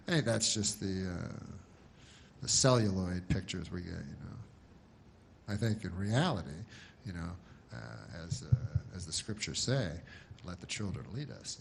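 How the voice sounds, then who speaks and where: Rambling deadpan male comedian. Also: medium pitch, vocal fry, a little hiss or hum. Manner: rambling, deadpan, halting with many restarts. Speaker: stand-up comedian. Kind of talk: stand-up comedy set.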